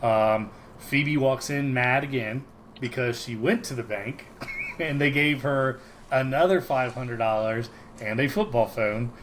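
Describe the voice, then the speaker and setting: A man's voice: medium pitch, a little slow, background noise. Rambling man recapping a sitcom. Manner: rambling, many ums and likes, laughs often. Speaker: podcast co-host. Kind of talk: casual chat recapping a sitcom episode.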